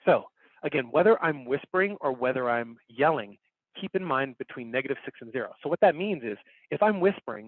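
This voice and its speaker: A workshop instructor teaches an online class from his home recording setup, walking through things step by step and circling back to his main points while demonstrating on screen. His medium-pitched, middle-range voice is animated and brisk, with a casual, upbeat manner. The call audio is narrow and phone-like, and the sound is dry with no room echo.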